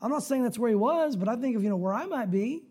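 A man preaching a conversational sermon, acting out prayers and voices with sudden shouts. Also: very high voice, lively intonation, quick pace, slightly rough. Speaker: pastor.

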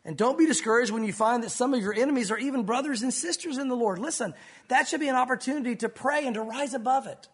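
A man preaching a sermon in an animated way, acting out scenes and speaking directly to his congregation. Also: very high voice, quick pace, slightly rough. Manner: animated, acts out bible scenes with sound effects. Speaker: pastor.

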